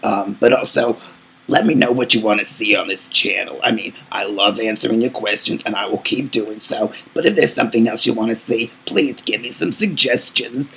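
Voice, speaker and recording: A man's voice: fairly low pitch, normal speed, gravelly, fairly bright tone, slightly rough, full character voice, low-quality recording. A man playing a vain, aging female diva singer who boastfully calls everyone darling while answering fan questions in a comedic vlog. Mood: self-important.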